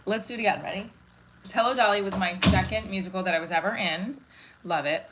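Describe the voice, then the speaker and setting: A woman's voice: mid-range voice, a little fast, noisy background. Chatty woman comedian live-streaming. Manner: chatty, rambling, breaks into song. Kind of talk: casual live-stream chat.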